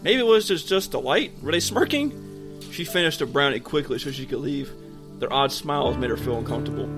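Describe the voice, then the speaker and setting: A man's voice: medium pitch, animated, brisk. A man co-hosting a podcast, reading a story aloud to his friends in a casual way and breaking off to joke. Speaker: podcast co-host. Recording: music playing underneath.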